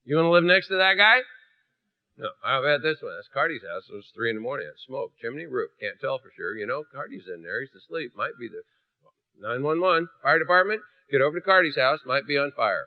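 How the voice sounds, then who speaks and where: A man's voice: mid-range voice, fairly quick, dry recording, dull audio. A man preaching with humor, telling a story and acting out the voices of its people. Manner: animated, acts out voices, shifts from hushed to loud.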